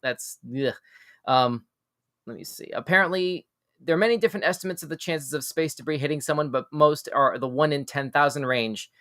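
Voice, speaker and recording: A man hosting a live news reaction stream. He reads weird news items aloud and breaks off for quick jokes and asides, often tripping over and repeating his words. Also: on the high side, dry recording, studio quality. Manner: stumbles and repeats words when excited. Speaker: show host.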